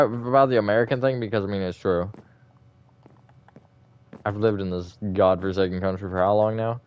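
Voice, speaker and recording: Guy streaming a game live, chatty, answers chat, smooth voice kinda muffled. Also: lowish voice, steady tone, normal speed, long pauses. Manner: chatty, reacting to viewer comments.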